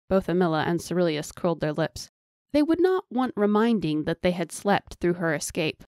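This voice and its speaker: A woman narrating a fantasy audiobook in a measured storytelling manner. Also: fairly low pitch, a little mellow, no echo, studio quality.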